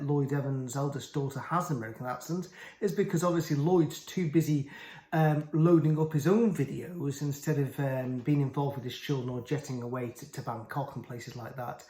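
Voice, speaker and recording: Guy ranting scornfully, slightly high voice, echoey room. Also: darkish tone. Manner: scornful, indignant. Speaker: YouTube commentator. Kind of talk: critical commentary. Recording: roomy echo.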